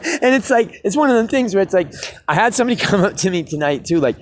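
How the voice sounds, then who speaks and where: A man's voice: high voice, very animated, quick pace. A man, a street musician, telling a rambling story in casual chat, swearing and laughing often.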